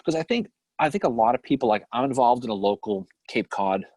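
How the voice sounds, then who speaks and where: Husky, lively-voiced man bantering. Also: medium pitch, fairly quick, no echo. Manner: teasing, joking, swears casually. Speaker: podcast co-host. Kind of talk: casual live-stream chat.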